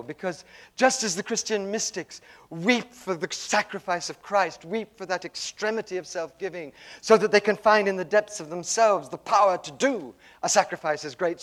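Delivering a spiritual talk, the high-voiced speaker recounts a story with drama, alternating loud stretches with quiet, hushed moments.

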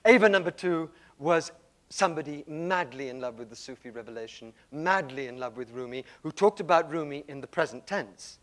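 A man giving a spiritual talk, telling a story dramatically and swinging between loud passages and hushed ones. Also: fairly high pitch, expressive, brisk. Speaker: speaker.

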